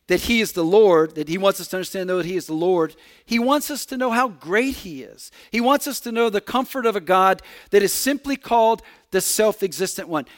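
A man preaching a sermon in a fairly high voice for a man. He speaks earnestly and personally as the pastor of a congregation, sometimes doubling a word as he restarts. He sounds middle-aged. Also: fairly bright tone. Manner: earnest, repeats words when restarting.

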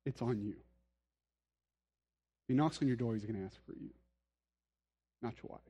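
Speaking a little slowly in a dark, husky, mid-range voice, a male pastor gives an earnest sermon. His tone is conversational, he addresses the listeners directly, and he isn't shy about teasing himself.

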